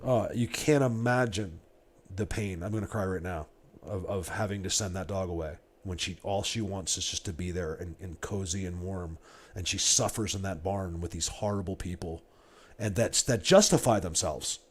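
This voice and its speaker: Talking at a moderate pace in a low voice, a livestreamer in his forties who hunts Bigfoot chats loosely with his audience. His talk is emotional and meandering, full of stammers and repeated words.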